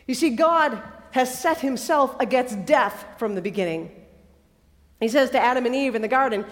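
Woman preacher, high voice, lively conversational sermon, echoing hall. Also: moderate pace. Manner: lively, conversational, acts out quotes. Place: chapel or hall.

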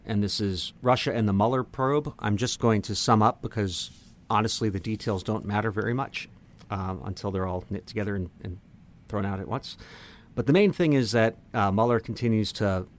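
Male podcast co-host, low voice, dry deadpan humor. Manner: deadpan, riffing on made-up bits. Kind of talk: casual comedic chat.

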